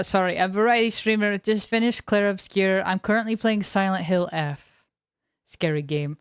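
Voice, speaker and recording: A woman's voice: on the low side, smooth, no room sound. A young adult woman streaming as a variety streamer, chatting casually with her viewers in a rambling, talkative way and laughing often. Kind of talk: casual chat with live viewers.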